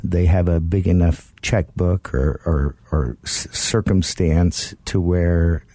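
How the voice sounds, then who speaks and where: A man who once ran a car dealership, co-hosting a talk show and explaining dealer practices in a measured, deliberate way. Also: deep voice, fairly even intonation, dark tone, slightly rough, no room sound. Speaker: co-host, former car dealer. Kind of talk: casual radio talk show chat.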